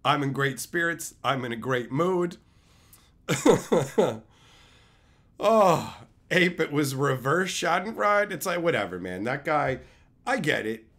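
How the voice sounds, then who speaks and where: A man from Canada chatting casually on his livestream, loopy after sedation, with animated, profane ranting. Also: a little high, slow. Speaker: streamer.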